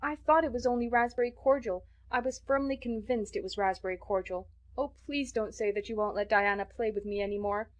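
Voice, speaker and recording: A woman's voice: fairly high pitch, a little fast, few pauses, lightly acted. A woman voicing a dramatic, imaginative orphan girl who pleads in florid, theatrical words. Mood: pleading.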